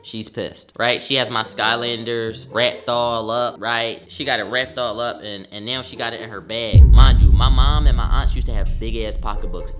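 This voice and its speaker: A young adult man telling a storytime vlog in a slangy, profane, animated way with sudden loud bursts. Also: mid-range voice. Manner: profane, conversational. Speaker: storytime vlogger.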